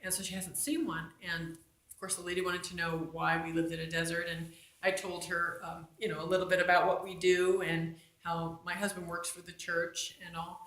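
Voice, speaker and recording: A woman's voice: on the low side, monotone, normal speed, a bit bright. A woman from New Jersey telling a personal faith testimony in a chatty, conversational way. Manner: conversational, chatty with fillers and restarts. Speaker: storyteller on her own channel. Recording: roomy echo.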